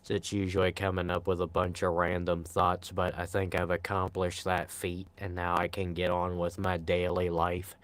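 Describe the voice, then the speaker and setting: Low, smooth-voiced male streamer from Pennsylvania. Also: completely flat delivery, moderate pace, hardly any pauses, a bit bright. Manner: rambling, self-deprecating, reads chat aloud. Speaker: live streamer. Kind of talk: casual live stream chat.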